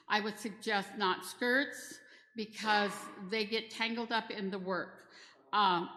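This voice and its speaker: Here a middle-aged woman trains people in disaster response, chatting practically and folding in personal anecdotes. Her voice sits on the high side, pushed and bright, and the church hall around her is echoey with long reverb.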